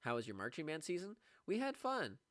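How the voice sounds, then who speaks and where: A young man who teaches music, chatting casually on a livestream and answering viewers, excitable and quick to laugh. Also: a little high, no room sound. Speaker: music teacher streaming live.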